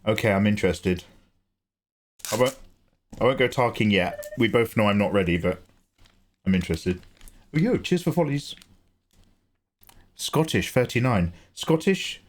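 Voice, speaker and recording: English male streamer, chatty and loose, pitch bouncing all over; casual host talk. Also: normal speed, pauses often. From England. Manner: chatty, animated, swears and laughs easily. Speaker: livestream host. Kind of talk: casual livestream chat.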